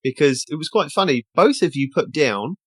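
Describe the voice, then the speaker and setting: A podcast host casually chatting and reading out game tasks in a brisk way. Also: mid-range voice, animated, husky, dry recording.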